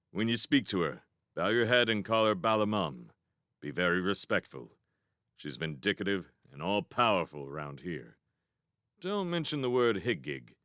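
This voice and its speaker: A man's voice: low voice, a bit bright, clean tone, no room sound, studio quality. A man voicing a good-natured, slightly foolish male hedgehog in a storybook, talking in a friendly, disarming way. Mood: hushed.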